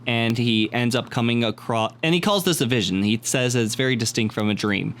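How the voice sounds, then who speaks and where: A man's voice: medium pitch, fairly quick, a bit bright, slight background noise. A man co-hosting a podcast in casual chat, hesitant and full of filler sounds as he lays out theories. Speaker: podcast co-host.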